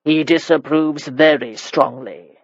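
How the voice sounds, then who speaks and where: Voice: medium pitch, slow, gravelly, no echo, lo-fi sound. A reader voicing a blunt, commanding elderly marquis in an audiobook. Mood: gruff. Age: older. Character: gruff elderly male marquis, imperious and sharp-tongued. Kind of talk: audiobook character reading.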